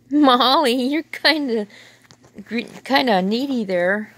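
A woman's voice: on the high side, lively intonation, takes it slowly, a bit bright. A woman filming her dogs at home on a phone, talking to them in a playful baby-talk way with chuckles. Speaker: dog owner filming her pets. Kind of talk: casual talk to pets. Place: home indoors.

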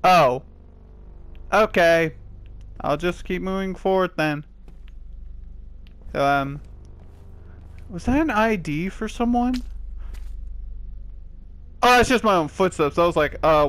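A man playing a horror video game and commenting on it, with loud exclamations and a lot of swearing. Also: sits high, slow pace, long pauses. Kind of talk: let's play commentary.

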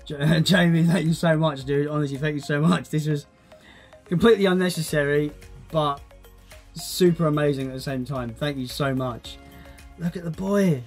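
A young man unboxing a gift, excitable and swearing often, laughing as he talks. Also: on the high side, moderate pace, slightly rough, faint music behind. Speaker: YouTuber. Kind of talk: casual unboxing vlog.

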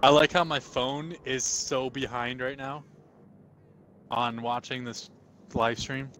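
A young man playing a game with a friend, talking calmly and teasing him in a dry way during casual banter. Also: medium pitch, takes it slowly, slight background noise. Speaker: co-player.

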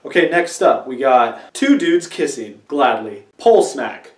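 A man's voice: mid-range voice, a little slow. Young man vlogging in an echoey room. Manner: silly, exaggerated, deadpan asides. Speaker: YouTuber. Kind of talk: comedic vlog. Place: room with green screen. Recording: echoey room, from a distance, faint music.

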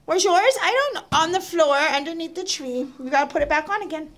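A woman's voice: extremely high pitch, lively intonation, fairly quick. A woman filming her children at home on a handheld phone, talking in a coaxing, playful way and laughing often. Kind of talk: casual home video. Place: home living room at the Christmas tree.

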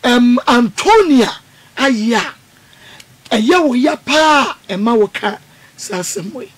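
A woman hosting a call-in radio show, giving calm advice and murmuring along while callers talk. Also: a little high, slow. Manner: calm advice with frequent mm-hmms. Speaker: radio host.

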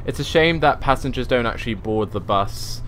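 A man's voice: medium pitch, expressive, normal speed, a bit bright, slight background noise. A young man chatting casually as he streams a driving game, easygoing and laughing at himself. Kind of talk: casual live gameplay commentary.

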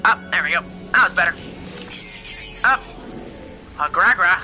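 Young male gaming host, excitable casual commentary, high, sharp-toned voice. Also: measured pace, soft background music. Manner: excitable, exclaiming and laughing at the game. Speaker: gameplay host.

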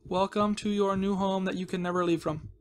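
A man's voice: high voice, flat delivery, fairly quick, smooth. A man hosting a casual game commentary, playful and jokey, cooing at the characters he plays with. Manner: playful, talks baby-talk to villagers, jokey asides. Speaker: gaming video host. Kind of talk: casual Minecraft let's-play commentary. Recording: faint background noise.

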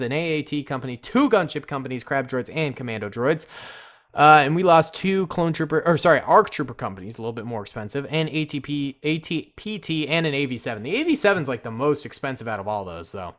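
A man hosting a gaming channel, giving casual commentary on a strategy game and reacting out loud to the action as he plans. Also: on the high side. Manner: excitable, reacts aloud to the action, casual slang; thinks aloud with fillers while planning.

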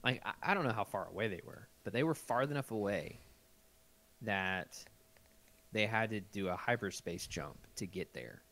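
A man's voice: fairly low pitch, animated, pushed and bright. A man co-hosting a casual podcast who jokes, wanders off topic and argues over trivia. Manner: joking, digressive, quick to argue. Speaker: podcast co-host. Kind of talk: casual chat.

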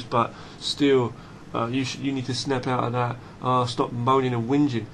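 Male monologue, forceful and unpolished, restarts sentences, average pitch. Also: little pitch movement, moderate pace, vocal fry, few pauses, a little hiss or hum. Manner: blunt, emphatic, swears freely; repeats and restarts phrases. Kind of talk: unscripted monologue.

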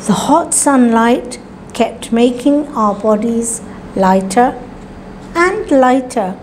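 A woman teacher reading a children's story aloud for a class lesson, with deliberate phrasing. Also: fairly high pitch, expressive, slight background noise, low-quality recording.

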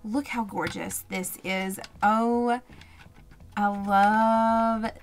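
A woman's voice: medium pitch, steady tone, drawn-out words, over loud music. A woman hosting a budgeting vlog, chatting casually while unboxing and gushing with gasps and little exclamations. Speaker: budgeting channel host. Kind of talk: casual unboxing chat to camera.

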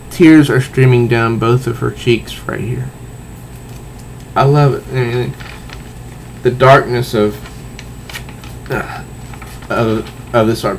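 A man reviewing a comic book, walking through the panels in a methodical, unhurried way. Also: medium pitch, vocal fry, a little hiss or hum, poor audio. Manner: unhurried, methodical, pauses between phrases. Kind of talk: slow, deliberate comic review, reading panels aloud.

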